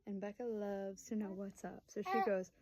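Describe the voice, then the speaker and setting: A woman's voice: medium pitch, fairly even intonation, normal speed, a little mellow, dry recording, low-quality recording. A woman in her early twenties telling a family story to camera in a rambling, chatty way, full of fillers and acted-out quotes. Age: 20s. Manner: acts out voices of family in quotes. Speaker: vlogger and young mother.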